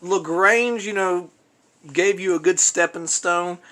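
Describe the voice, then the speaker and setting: A man hosts a casual interview with a voice that sits a little high. He prompts his guest in a relaxed, conversational way and keeps the chat loose. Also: slow. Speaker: interview host.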